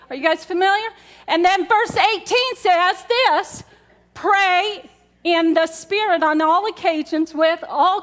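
Her pitch is extremely high and her tone fairly bright. She's a woman pastor delivering a chatty sermon to a congregation in church, repeating key words and asking the room questions.

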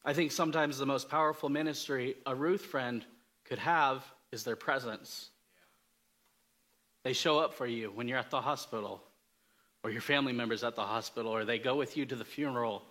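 This man speaks at normal speed in a mid-range, slightly bright voice. A preacher, he shares stories in a casual sermon with a conversational feel, self-deprecating humor, and lots of fillers and restarts.

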